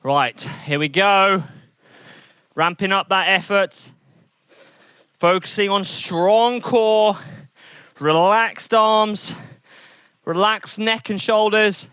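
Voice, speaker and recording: A man coaching an indoor cycling workout, energetic and encouraging as he calls out intervals and counts down, sweating as he rides. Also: high voice, slow pace, pauses often, clear, resonant tone, no echo, clean studio sound. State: sweating from exertion. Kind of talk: coaching a training session.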